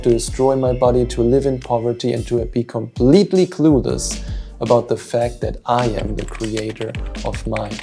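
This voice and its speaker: A man's voice: medium pitch, vocal fry, warm tone. A man with a German accent giving an earnest, motivational self-help talk with a self-mocking streak. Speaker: manifestation coach.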